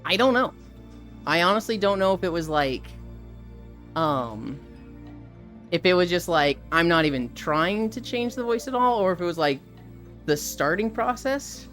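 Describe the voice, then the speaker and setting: Woman streamer host, lower voice, very expressive melody, swears casually. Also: moderate pace, pauses often, faint music behind. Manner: animated, swears freely, reads chat aloud. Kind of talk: casual live-stream chat.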